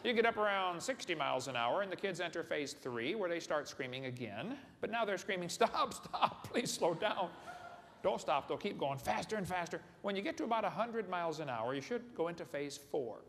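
A male seminar speaker jokes his way through a folksy lecture to a live audience in a large hall, often quizzing the crowd. His slightly high, a bit bright voice is animated and brisk with hardly any pauses, and the echoey hall recording has faint room noise.

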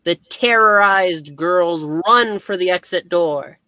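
A woman's voice: on the low side, slow, crowd noise. A woman narrating a comic aloud as co-host, with amused, giggly asides. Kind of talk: reading a comic aloud with banter.

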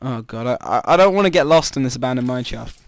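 A man's voice: medium pitch, lively intonation, fast, dry recording. A man giving rambling, chatty commentary while playing a game, breaking into startled exclamations. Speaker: gamer. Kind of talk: casual gameplay commentary.

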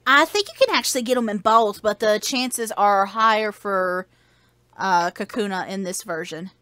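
A woman's voice: medium pitch, normal speed, sharp tone, no room sound. A woman from Kentucky co-hosting a game playthrough, chatting casually in an easygoing, hesitant way full of fillers. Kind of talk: casual chat.

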